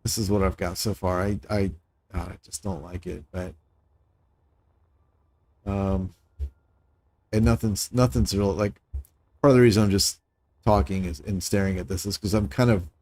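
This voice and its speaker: A man's voice: low voice, fairly even intonation, moderate pace, long pauses, darkish tone. A man streaming a building game, thinking aloud as he works and sizing up his own designs. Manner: thinking aloud, musing and self-critical; talks to chat viewers in passing. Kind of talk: casual live-stream commentary while building.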